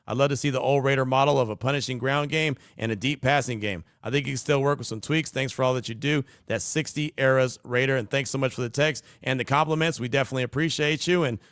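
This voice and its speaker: Male podcast host, upbeat and chatty, mid-pitched, dry close-mic sound. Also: clean tone, no echo. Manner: energetic, chatty, hypes the audience. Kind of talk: sports talk podcast.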